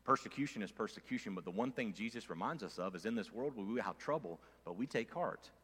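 A male pastor preaching a conversational sermon, moving from loud emphasis to quiet asides, with fillers and restarts. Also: fairly low pitch, expressive, fast talker, slightly rough. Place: church sanctuary. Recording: long church hall reverb.

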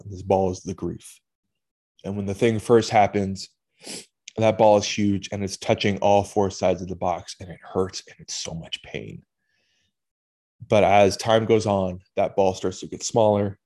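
A man hosting a podcast, talking through his feelings in a halting, candid, emotional way and swearing casually. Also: low voice, mellow. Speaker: podcast host. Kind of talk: personal reflective monologue.

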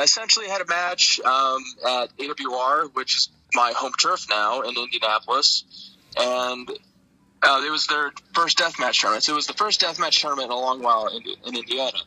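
Bright-voiced young man telling war stories. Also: mid-range voice, no room sound, rough recording. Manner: laid-back, profane, laughs often. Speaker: interview guest, wrestler. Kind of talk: casual storytelling.

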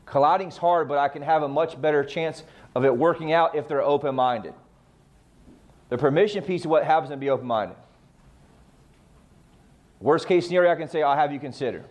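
A man's voice: a little high, a little fast, pauses often. A man coaching real estate agents on client communication, emphatic and full of rhetorical questions he answers himself. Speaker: sales trainer.

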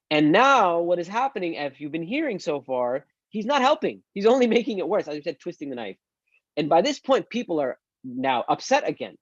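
A male Islamic teacher giving an online religious lesson, animated and acting out quoted speech. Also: fairly high pitch, no echo, dull audio.

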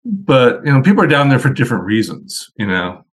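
A man's voice: medium pitch, sing-song, brisk, husky. A man, a guest on a podcast, chatting casually and telling long, rambling anecdotes.

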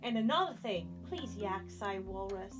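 A woman's voice: mid-range voice, lively intonation, normal speed, music in the background, voice pushed down, natural voice. A woman voicing an anxious male walrus passenger in a storybook, pleading to be heard and let out. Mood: fretful. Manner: pleading, fretful.

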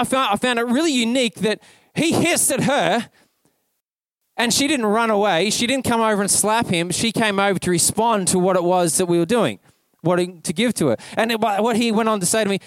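High-voiced Australian preacher, chatty. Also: male voice, no echo. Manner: chatty storytelling, peppered with "like". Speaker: pastor. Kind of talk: casual conversational sermon. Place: church.

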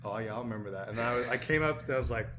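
A man's voice: mid-range voice, rapid-fire, noisy background. A young man on a podcast, talking in a hesitant, stumbling, self-deprecating way. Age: young adult. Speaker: podcast co-host. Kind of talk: casual podcast chat.

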